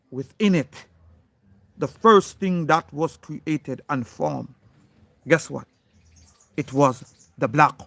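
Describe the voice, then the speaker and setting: A man's voice: mid-range voice, gravelly, a bit bright. A man delivering an impassioned monologue, emphatic and insistent, stressing single words as he speaks straight to a critic. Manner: preachy, addressing an unseen critic directly.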